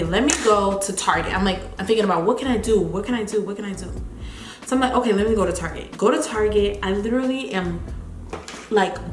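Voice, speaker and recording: A young woman chatting casually while doing her makeup, retelling a story and acting out the people in it with lively repeated phrases. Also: echoey room. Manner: animated, acts out quotes with big pitch jumps, repeats phrases. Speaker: beauty vlogger. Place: home, near a running refrigerator.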